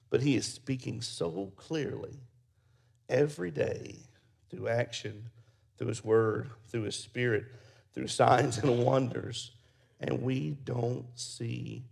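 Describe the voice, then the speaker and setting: A pastor preaches with a gravelly, creaky voice at an average male pitch. He tells folksy stories, then settles into quiet prayer. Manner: folksy storyteller, soft and prayerful at close. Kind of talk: sermon with storytelling.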